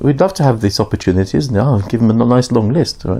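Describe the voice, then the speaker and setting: Talking fast with few pauses, this Islamic teacher has a medium-pitched, mellow voice touched by vocal fry. His informal lesson unfolds as conversational storytelling, and he acts out the dialogue in a raised voice.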